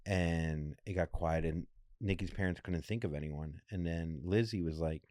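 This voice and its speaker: A man's voice: deep voice, moderate pace, dry recording, studio quality. A man co-hosting a podcast, telling a story in a casual, jokey way and acting out what people said. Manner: animated, jokey, acts out quotes in other voices. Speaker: podcast co-host.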